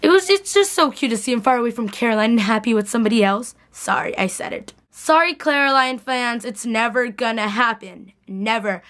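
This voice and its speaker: A woman's voice: on the high side, animated, a little fast, few pauses, a bit bright. A young woman recapping a TV episode in a casual vlog, gushing like a fan and saying "like" often. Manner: gushing fangirl chatter, lots of "like". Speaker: TV recap vlogger.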